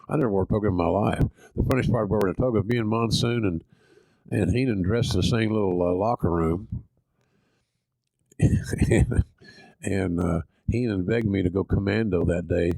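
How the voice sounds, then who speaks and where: A man's voice: low voice, vocal fry, warm tone, dry recording, rough recording. An older man with a Southern Oklahoma accent, hosting a podcast and telling stories in a folksy, salty, self-deprecating way. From Oklahoma, USA. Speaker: podcast host. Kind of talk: casual storytelling.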